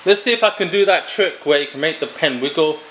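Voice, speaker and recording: A man's voice: fairly high pitch, fast talker, bright, forceful tone, low-quality recording. A young man with a British accent reviewing a pen on his channel, rambling off into joking asides. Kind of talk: casual product review.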